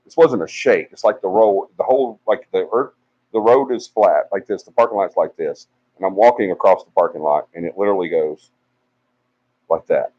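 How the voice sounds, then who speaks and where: A member of a paranormal investigation team tells a story on a live stream in a fairly low, slightly mellow voice at normal speed, as he would to friends. Rambling and filler-heavy, he raises his pitch sharply to act out others' lines, and the sound is dull and lo-fi, like streaming from home.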